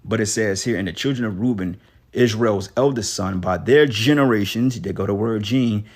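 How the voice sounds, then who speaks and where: A man with a somewhat low voice reads scripture slowly and deliberately, leaning on single words. Between passages he turns blunt and profane, tagging his sentences with a quick "okay" or "man.". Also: darkish tone. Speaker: scripture teacher. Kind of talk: reading scripture aloud with heated commentary.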